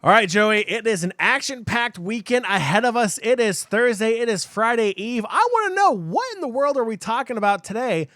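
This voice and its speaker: A man's voice: high-pitched, moderate pace, few pauses, fairly bright tone, dry recording, studio quality. A man co-hosting a live-streamed gaming podcast, talking casually and hyping the show with cheers. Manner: upbeat, hypes the show with cheers. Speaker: podcast co-host.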